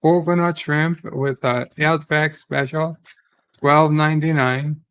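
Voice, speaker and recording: A cheeky Australian waiter, put on by a man with a put-on Australian accent. He pitches specials in an upbeat patter over a gravelly voice. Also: fairly even intonation, takes it slowly, a bit bright, low-quality recording.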